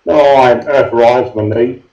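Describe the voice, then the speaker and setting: A man's voice: medium pitch, a little fast, a little mellow. A man in his sixties with an Australian accent, chatting casually as a guest over a phone call, easygoing and rambling. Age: 60s. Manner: easygoing, rambling, says mate. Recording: roomy, dull call audio.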